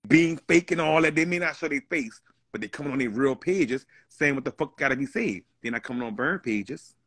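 A man's voice: medium pitch, lively intonation, a little fast, fairly bright tone, husky, no room sound, studio quality. A man hosting a live stream, laid-back and prone to murmuring along. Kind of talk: casual live stream chat.

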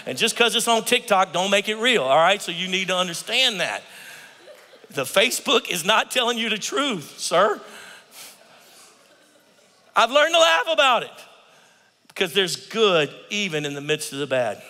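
A man preaching a sermon as pastor, animated and playful, slipping into mock voices. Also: high-pitched. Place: church sanctuary. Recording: long church reverb.

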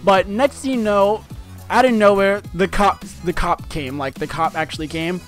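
Young man, high-pitched, rambling storyteller, casual vlog, faint background music. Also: moderate pace. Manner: rambling, fillers and restarts, animated retelling. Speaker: vlogger.

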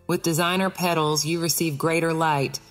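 A snobbish tulip flower from a storybook who speaks loftily and looks down on others, played by a woman narrator. Her voice is low, with faint music behind. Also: steady tone, normal speed, in a large hall, natural voice. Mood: haughty. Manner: haughty, lofty.

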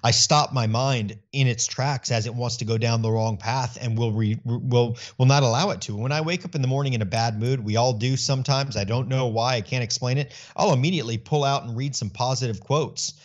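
A middle-aged man speaking earnestly in an interview, telling stories with animated voicing of his own thoughts. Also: medium pitch, a little fast, hardly any pauses, highs cut off. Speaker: guest. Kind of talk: conversational interview.

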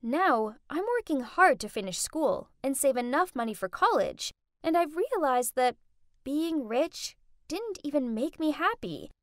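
A young woman narrating a first-person animated story in a dramatic, emotional way. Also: sits high, unhurried, no echo, studio quality.

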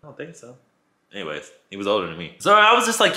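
A man's voice: medium pitch, wildly swooping pitch, fast, pushed and bright. A man telling a casual storytime to his channel, playful and dramatic, acting out the people he quotes, in an echoey room. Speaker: vlogger.

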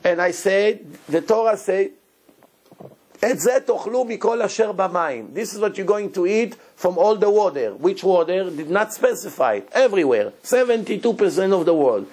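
A man, a rabbi, giving a Torah lesson in animated, broken English and acting out quotes. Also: sits high, normal speed, few pauses. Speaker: rabbi teaching a Torah class.

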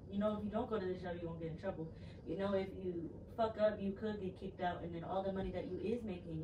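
A young woman in a heated argument at home, blunt and exasperated and swearing often. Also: medium pitch. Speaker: girlfriend. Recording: roomy, distant and noisy.

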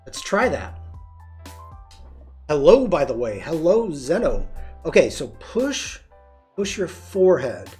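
A man's voice: fairly high pitch, sing-song, takes it slowly, pauses often, darkish tone, soft background music. A man hosting a live-streamed photography tutorial, chatty and demonstrative, greeting viewers and answering chat as he shows poses.

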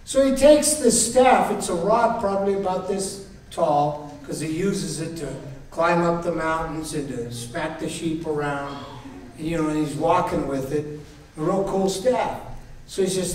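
A male pastor preaching a sermon with a playful, storytelling manner, acting out scenes. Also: high voice. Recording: very echoey hall, voice from far off.

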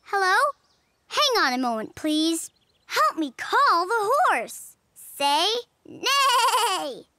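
A woman's voice: very high-pitched, big pitch swings, extremely slow, heavily acted. A woman voicing an eager, cheerful young mermaid girl in a cartoon, with music playing behind. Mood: playful. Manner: bright and eager, sing-song. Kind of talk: cartoon voice acting.

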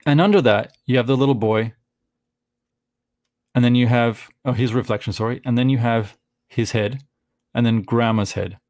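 A man's voice: mid-range voice, fairly even intonation, moderate pace, pauses often, a little mellow, no echo, studio quality. A middle-aged man rambling through casual commentary on photographs, searching for words and restarting often. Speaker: vlogger.

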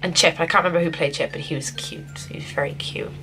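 A young woman vlogging a casual film review, gushing and excitable, often restarting her sentences. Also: deep voice, fast talker, in a whisper, rough recording. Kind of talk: casual spoiler review to camera.

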